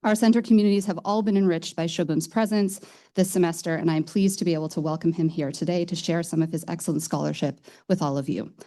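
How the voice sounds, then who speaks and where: A woman hosting an event, reading a measured, formal introduction of the guest speaker. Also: fairly low pitch, fairly even intonation, dark tone.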